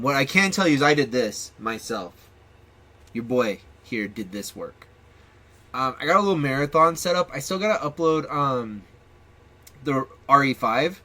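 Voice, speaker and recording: A man hosts his gaming channel in an easygoing, meandering way, trailing into ums and restarting his sentences. His voice sits at an ordinary pitch for a man but carries a bright, forward edge. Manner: loose and rambling, with ums and restarts. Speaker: channel host. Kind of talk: casual gaming channel chat.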